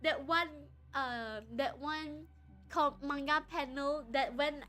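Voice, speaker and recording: A woman's voice: high voice, animated, slow pace, a bit bright. A young woman with a Malaysian English accent, chatting casually on a live stream and giggling between sentences.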